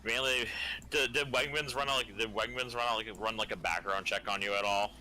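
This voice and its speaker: Deep-voiced man with a sharp tone. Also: poor audio. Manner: deliberate, repeats and restarts phrases. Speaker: friend chatting on stream. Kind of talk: casual chat.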